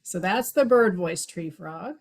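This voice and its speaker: A woman's voice: on the low side, animated, measured pace, rough recording. A woman giving a chatty, enthusiastic talk on frog calls as a wildlife outreach coordinator, with many fillers.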